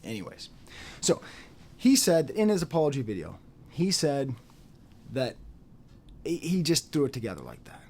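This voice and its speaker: A man talking straight to the camera in an off-the-cuff commentary, his pitch rising and falling in a lively way. He repeats phrases for emphasis and slips into mocking voices when he quotes others. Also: normal speed, long pauses. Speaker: YouTube commentator. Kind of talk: unscripted commentary monologue.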